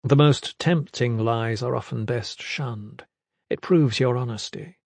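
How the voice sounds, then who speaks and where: A man voicing a stern, commanding male ruler who speaks in pointed, forceful lines in an audiobook. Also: mid-range voice, unhurried, vocal fry, no room sound. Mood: somber.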